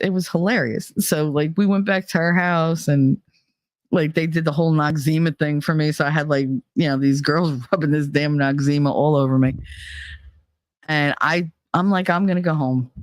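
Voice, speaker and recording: A middle-aged woman hosting a casual chat, telling a story in an animated way, swearing and mimicking other people's voices. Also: deep voice, normal speed, dry recording, studio quality. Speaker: channel host.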